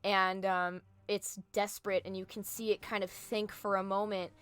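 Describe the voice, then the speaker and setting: A woman's voice: mid-range voice, little pitch movement, moderate pace, fairly bright tone, faint music behind. A woman narrating as game master of a tabletop game, descriptive and full of fillers. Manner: descriptive, filler-heavy, laughs easily.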